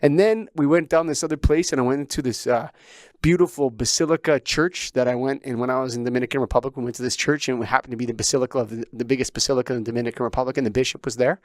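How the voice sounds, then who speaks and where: A man's voice: mid-range voice, fairly even intonation, racing, no echo. Podcast host guy rambling through a story, emotional, swears a lot, mid voice, dry close sound. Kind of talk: casual storytelling chat.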